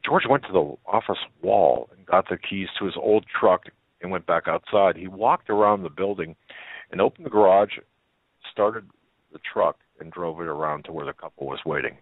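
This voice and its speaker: Low-voiced male host on a phone line. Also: lively intonation, no room sound. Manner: folksy, halting, with many fillers and restarts. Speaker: talk show host. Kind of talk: reading a story aloud on a talk show.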